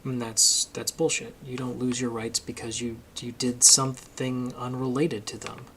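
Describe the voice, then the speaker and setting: A man's voice: medium pitch, flat delivery, moderate pace, a bit bright, slight background noise. A man giving a casual, emphatic opinion monologue for his video channel, getting worked up as he argues his point. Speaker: political commentary vlogger.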